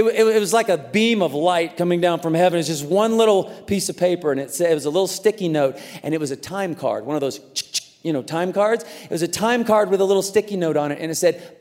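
A man preaching a sermon as a pastor, telling a story in an animated way and acting out the voices in it. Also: sits high, long reverb tail. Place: large church auditorium.

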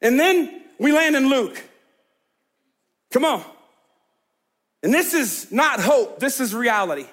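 A man's voice: extremely high pitch, lively intonation, slow pace, pauses often, fairly bright tone. A man preaching a sermon as pastor, emphatic and conversational, calling out to the congregation and laughing easily.

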